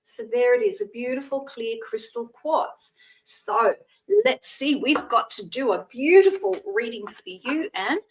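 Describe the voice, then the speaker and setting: Chatty woman in her 60s, higher voice. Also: very animated, unhurried, far from the mic, a little hiss or hum, poor audio. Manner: chatty, thanks viewers by name, explains traditions. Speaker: psychic show host. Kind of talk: live streamed psychic reading show.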